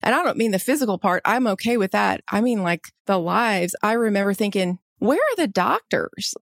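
A woman's voice: mid-range voice, brisk, no echo, studio quality. A woman in her forties, a nurse guest on a podcast, talking in an earnest, chatty way and laughing easily. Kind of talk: casual podcast interview.

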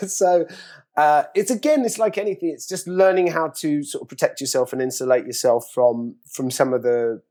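A middle-aged Englishman chats as an interview guest, his voice sitting in a middle register. He tells stories in an animated way, leaping up in pitch when he acts out what people said. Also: fairly quick. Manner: animated storyteller, acting out quotes with big pitch jumps. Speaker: actor interviewee. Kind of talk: casual anecdotal interview talk.

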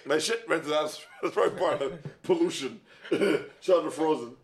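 Animated man telling a story, roomy sound. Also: brisk. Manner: animated storyteller, mimics relatives in low voices. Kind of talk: casual storytelling chat. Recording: roomy echo.

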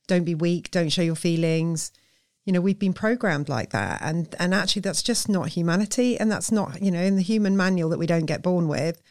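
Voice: medium pitch, darkish tone, no echo, studio quality. A therapist, explaining earnestly and emphatically in a conversational interview. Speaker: therapist guest.

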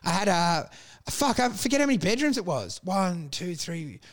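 High-pitched middle-aged man, brash raconteur, swears freely, laughs through his tales. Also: moderate pace. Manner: crude, animated, laughs through stories. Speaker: guest telling stories. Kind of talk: casual storytelling chat.

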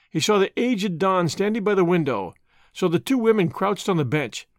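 A man reading an adventure novel aloud as an audiobook narrator, with steady, expressive storytelling. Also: high voice, no echo, clean studio sound.

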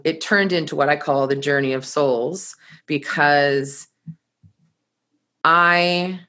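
A woman telling a personal story to an audience in an animated way, laughing now and then and often restarting her sentences. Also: low-pitched. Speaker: course teacher.

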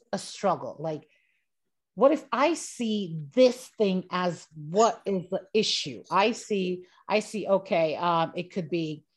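A woman co-hosting a casual chat, lively and quick to laugh, often asking follow-up questions. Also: on the low side.

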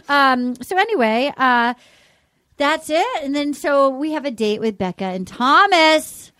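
A woman's voice: high-pitched, measured pace, a bit bright, smooth, dry recording. A woman co-hosting a podcast, recapping in casual chat, swearing often and acting out quotes in different voices. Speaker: podcast co-host.

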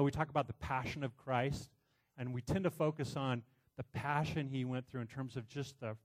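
A middle-aged man preaching, telling a personal story in an animated way with many restarts. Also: mid-range voice. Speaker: pastor.

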